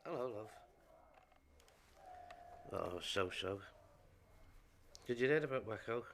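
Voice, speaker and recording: An actor playing a grumbling dad who rants indignantly and talks on the phone. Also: male voice, lowish voice, expressive, slow pace, creaky, background noise, full character voice. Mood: glum.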